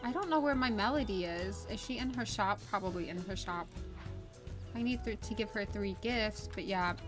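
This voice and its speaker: A woman's voice: medium pitch, moderate pace, music in the background. An American woman chatting casually while she streams a game, rambling, restarting her sentences and laughing often. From United States. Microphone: desk USB condenser mic.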